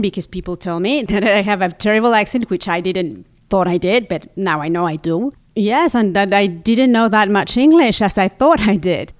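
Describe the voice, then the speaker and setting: Mexican-accented woman, clear smooth voice. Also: mid-range voice, normal speed. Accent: Mexican Spanish. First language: Spanish. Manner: reflective, repeats words for emphasis. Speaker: immigrant interviewee. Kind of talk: personal testimony.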